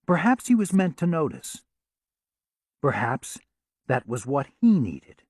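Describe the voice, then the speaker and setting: A man narrating an audiobook in a measured, wry storytelling manner. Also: a little high, very animated, darkish tone, dry recording, studio quality. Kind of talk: scripted narration.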